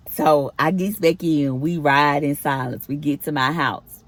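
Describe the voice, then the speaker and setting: A woman's voice: low voice, measured pace, hardly any pauses, dry recording. A woman vlogger telling a personal story in a casual storytime, acting out the quoted back-and-forth as she goes. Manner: chatty retelling with acted-out quoted dialogue.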